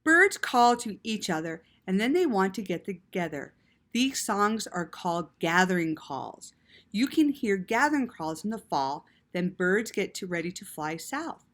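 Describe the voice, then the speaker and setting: Woman, children's read-aloud, slow and unhurried, sparkling bright tone, gasps and soft asides. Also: mid-range voice. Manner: animated, with gasps and quiet asides. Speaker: storyteller reading to children.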